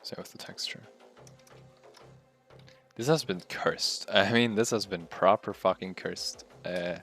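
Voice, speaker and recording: A man's voice: low voice, a little slow, a bit bright, faint music behind. A man streaming live while coding, muttering, swearing and laughing at his own frustration. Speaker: livestreaming game developer.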